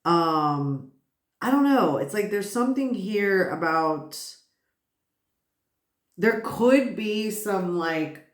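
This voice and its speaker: A woman's voice: medium pitch, animated, slow, pauses often, echoey room. A woman giving a casual tarot reading, rambling and swearing, who keeps bursting out laughing. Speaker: tarot reader.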